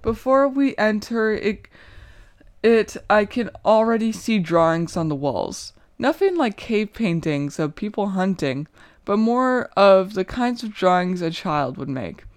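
A woman's voice: medium pitch, sing-song, unhurried, dry recording, studio quality. A young woman reading her own short story aloud in the first person, with an earnest, emotional, inward delivery.

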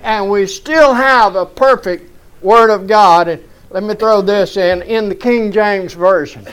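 Male pastor, sermon delivery, unhurried and emphatic, clean high tenor that swells into shouts at the big moments. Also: smooth. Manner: slow, emphatic preaching that rises and shouts at climaxes, with chuckles. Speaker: preacher.

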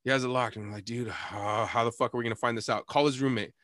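A man in casual chat, telling a bar story in an animated, profane way, laughing and acting out what people said. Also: medium pitch, quick pace, dry recording. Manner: animated, profane, laughs often, acts out quotes.

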